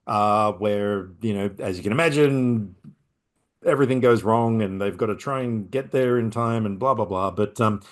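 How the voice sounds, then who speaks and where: A man's voice: on the low side, moderate pace. A man hosting a film podcast, chatting casually and rambling with lots of asides. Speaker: podcast host.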